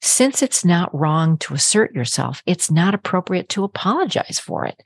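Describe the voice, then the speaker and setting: A woman's voice: lowish voice, very animated, normal speed, creaky, husky, no room sound. A woman hosting a self-help podcast, talking straight to the listener in a direct, encouraging way. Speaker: podcast host and coach.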